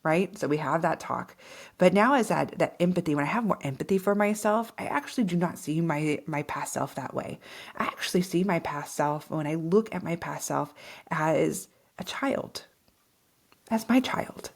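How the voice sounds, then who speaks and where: A woman's voice: low-pitched, moderate pace, creaky, slightly rough. A middle-aged woman hosting a podcast, giving a candid, reflective talk and correcting herself as she goes. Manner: candid, self-correcting, animated. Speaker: podcast host.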